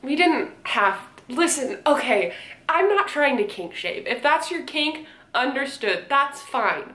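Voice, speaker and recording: A woman's voice: high voice, big pitch swings, slow pace, sharp tone. A woman giving casual, sarcastic reaction commentary, laughing and swearing as she reads passages aloud. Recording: echoey room.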